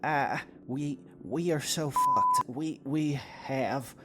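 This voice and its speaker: A man's voice: mid-range voice, animated, slow pace, pitched above the performer's own voice. A man voicing a panicked young female vampire who stammers and stumbles over her words. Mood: frantic. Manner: stammering, frantic.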